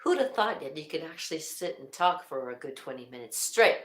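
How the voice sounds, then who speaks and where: A woman's voice: deep voice, animated, fairly quick, fairly bright tone. An older woman hosting a casual livestream, rambling and laughing often, with many restarts. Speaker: livestream host. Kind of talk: casual chat to viewers. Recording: echoey room.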